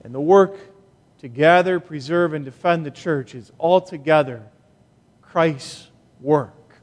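A male pastor preaching a sermon in a slow, emphatic way with long pauses, in a church sanctuary. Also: a little high, in a large hall.

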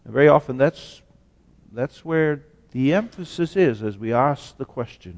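Slow, deliberate preacher in a reverberant church. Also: male voice, fairly high pitch, expressive, gravelly, darkish tone, dull audio. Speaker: pastor. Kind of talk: sermon. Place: church sanctuary.

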